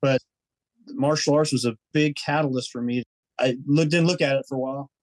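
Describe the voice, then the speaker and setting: A man's voice: mid-range voice, fairly even intonation, fairly quick, dry recording, rough recording. A man telling his personal story as a podcast guest, earnest and rambling, acting out his own inner thoughts.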